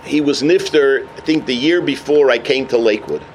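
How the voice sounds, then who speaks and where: A man giving a sermon as a rabbi, telling a story with animated energy. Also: medium pitch, normal speed, a little hiss or hum. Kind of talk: sermon on the weekly portion.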